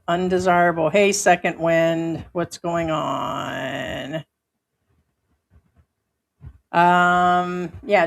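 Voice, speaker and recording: Outspoken woman streaming from home, lowish pitch, unfiltered and profane. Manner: blunt, outspoken, swears freely. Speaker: live-stream host. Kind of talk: casual live-stream chat, reading viewer comments.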